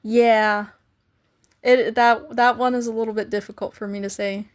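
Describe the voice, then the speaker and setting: A woman's voice: a little high, fairly even intonation, normal speed. A woman live streaming, chatting casually with viewers and playfully trying to pronounce foreign greetings.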